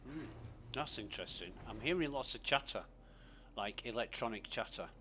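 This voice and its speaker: A man's voice: mid-range voice, animated, moderate pace, sharp tone, slight background noise. A man giving rambling, profane casual commentary while playing a game. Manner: rambling, profane, laughs easily. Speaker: gaming streamer.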